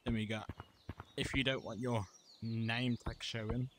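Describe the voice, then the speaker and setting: A young man talks through a game menu in a casual, offhand way, reading out item after item in clipped little bursts. His voice sits at an everyday middle pitch. A loud wash of background noise runs under the whole recording. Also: steady tone, unhurried. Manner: reads out menu items in short bursts, offhand. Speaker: gameplay reviewer. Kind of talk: casual game mod walkthrough.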